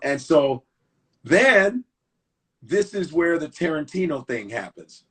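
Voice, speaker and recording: Animated middle-aged man telling a story. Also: a little high, slow pace. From Chicago. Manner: animated storyteller acting out quotes, profane. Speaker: comedian guest. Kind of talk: casual storytelling chat.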